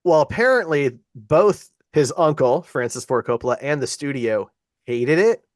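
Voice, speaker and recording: A man's voice: fairly high pitch, animated, normal speed, no room sound. Man, podcast co-host: easygoing, agreeable, chatty, dry close-miked sound. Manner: agreeable, chatty, trivia-sharing. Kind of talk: casual chat.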